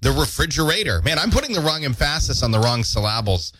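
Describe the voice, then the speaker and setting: A man's voice: medium pitch, sing-song, quick pace, a bit bright, no room sound. A man hosting a morning radio show with playful, jokey banter from a studio mic. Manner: playful, jokey, self-mocking. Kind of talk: casual on-air banter. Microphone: studio microphone.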